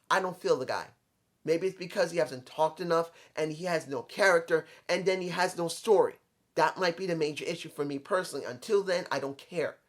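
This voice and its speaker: A man's voice: a little high, a bit bright. Blunt New York man recapping wrestling. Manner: opinionated, blunt, rambling with restarts. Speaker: wrestling commentator.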